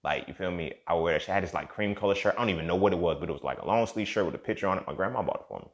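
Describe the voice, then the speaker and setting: A man's voice: deep voice, racing. A man hosting a show and telling a personal story in a casual, profane way, often speaking straight to the listener. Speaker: host.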